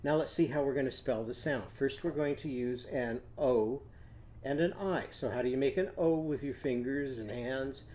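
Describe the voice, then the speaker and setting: An older man, a teacher, leading a children's phonics lesson in a gentle, patient way and prompting the kids to repeat after him. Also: medium pitch, normal speed, slight background noise.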